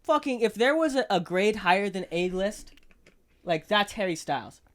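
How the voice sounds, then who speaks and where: A man's voice: sits high, big pitch swings, normal speed, a bit bright. A young man co-hosting a casual podcast chat, swearing constantly and rambling with emphasis. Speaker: podcast co-host.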